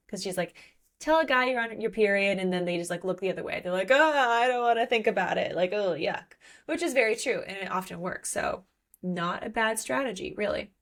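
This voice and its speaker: A woman with a mid-range voice co-hosts a laid-back book podcast. She retells the plot and performs the characters' lines in quick, lively bursts.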